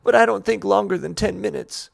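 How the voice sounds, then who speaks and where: A man's voice: high voice, brisk, creaky, pitched above the performer's own voice, heavily acted. A man doing a pleading little boy. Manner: pleading, counting down. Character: small boy urgently needing the bathroom.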